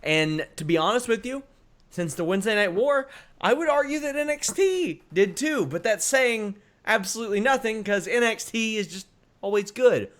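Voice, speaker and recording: A man hosting a podcast, giving brisk, emphatic opinions in casual chat, with frequent "uh" fillers. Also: sits high, animated, a bit bright. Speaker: podcast host.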